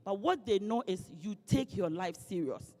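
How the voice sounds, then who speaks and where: Woman, lively motivational speaker, heard with long hall reverb. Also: medium pitch, normal speed. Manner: lively, playful, acts out quoted voices. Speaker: guest speaker. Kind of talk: motivational speech.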